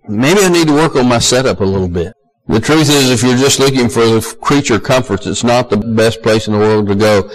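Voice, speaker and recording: A man's voice: fairly quick, poor audio. Southern male preacher, conversational sermon, homespun humor, soaring emphasis. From American South. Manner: folksy, conversational preaching that rises to loud high emphasis.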